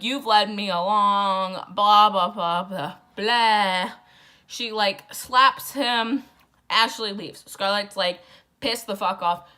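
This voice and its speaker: A woman's voice: mid-range voice, sharp tone. A tipsy young woman retelling a classic novel in a crude, rambling, sarcastic way. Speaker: book vlogger. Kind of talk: drunk comic book summary.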